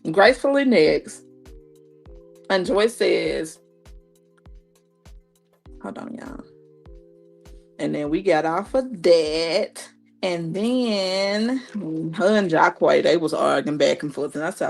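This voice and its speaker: Woman, 30s, casual recap host, animated, slangy, gravelly, faint background music. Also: mid-range voice, measured pace. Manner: animated, quotes herself reacting, slangy.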